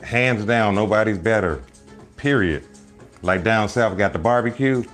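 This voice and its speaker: A man hosting a casual live stream, rambling loudly through jokes and teasing his viewers, often breaking into laughter. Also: fairly low pitch, unhurried, faint music behind. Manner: loud joking rambles, bursts of laughter, mock voices.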